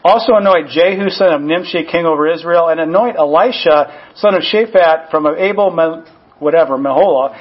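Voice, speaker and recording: A man, a pastor, preaching a conversational sermon with personal asides and frequent "you know" fillers. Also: a little high. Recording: dull lo-fi recording.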